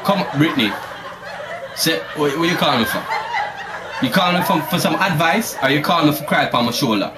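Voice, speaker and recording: A man's voice: fairly high pitch, animated, a little fast, long pauses, very noisy. A man speaking Jamaican patois in a comic phone-call sketch, laughing and teasing as he talks. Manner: laughing, teasing, swooping delivery. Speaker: comedic prank caller. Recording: loud music behind.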